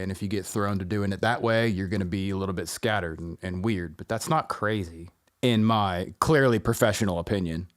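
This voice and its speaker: A man's voice: on the low side, brisk, clean tone. A man co-hosting a podcast in casual chat, laid-back and teasing, giving mock-professional advice to his friend. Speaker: podcast co-host.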